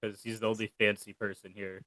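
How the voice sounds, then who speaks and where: A man playing a character in an online tabletop game, teasing in a deadpan way. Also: on the low side, brisk, dry recording. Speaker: player.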